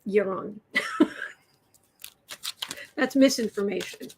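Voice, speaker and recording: A woman's voice: medium pitch, background noise. A woman hosting a political tarot livestream, talking casually and sarcastically and laughing as she restarts her sentences. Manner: sarcastic, laughs often, speaks haltingly with restarts.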